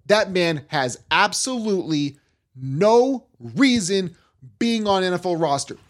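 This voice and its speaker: A man hosting a sports talk podcast, ranting in a worked-up, animated way. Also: high-pitched, a little slow. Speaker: podcast host.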